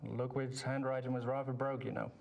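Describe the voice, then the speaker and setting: A man's voice: mid-range voice, flat delivery, gravelly, a crowd in the background, natural voice. Guy doing reserved gent on the phone, formal and polite, plain middle voice. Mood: polite, firm. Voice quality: measured, formal phrasing. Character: reserved, polite Englishman guarding his father's papers.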